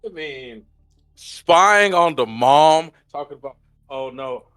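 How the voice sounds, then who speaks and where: A man co-hosting a TV review podcast, talking in an expressive, exasperated way with swearing. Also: a little high, slow pace, dry recording, studio quality. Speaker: podcast co-host. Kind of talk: casual review chat.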